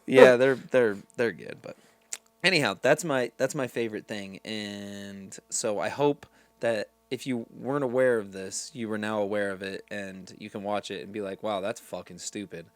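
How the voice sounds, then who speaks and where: A man's voice: fairly low pitch, normal speed, no room sound. A man co-hosting a podcast in casual chat, laid-back and joking. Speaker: podcast co-host.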